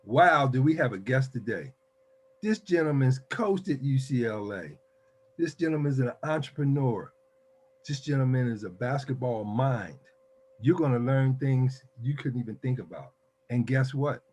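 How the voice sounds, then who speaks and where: An older man from Philadelphia hosts a relaxed interview at an ordinary pitch for a man. He talks with emphatic enthusiasm and puts weight on every line. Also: moderate pace, a little hiss or hum. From Philadelphia, United States. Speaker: host. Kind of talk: casual interview.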